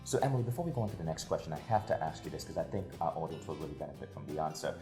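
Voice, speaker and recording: A man's voice: extremely low pitch, lively intonation, racing. A man hosting an interview, praising his guest effusively and turning to the audience. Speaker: interview host. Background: guitar music bed.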